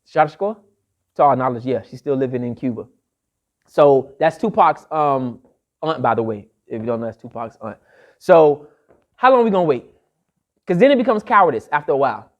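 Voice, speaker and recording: A man's voice: mid-range voice, expressive, a little fast, long pauses, dull audio. A man lecturing to a live audience, emphatic and repeating his key phrases like a refrain. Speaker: speaker addressing an audience.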